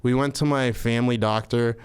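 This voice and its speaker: A man guest on a podcast, telling a funny story in a casual, animated way. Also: medium pitch, brisk, clear, resonant tone. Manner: animated, acts out quoted voices. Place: podcast studio.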